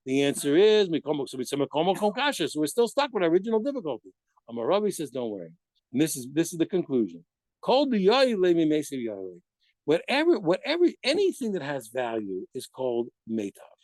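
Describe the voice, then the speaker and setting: A man teaching a daily Talmud study lesson in an animated way, asking himself rhetorical questions and answering them, and often stopping to correct himself. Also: fairly high pitch, quick pace, dry recording. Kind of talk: daf yomi study lesson.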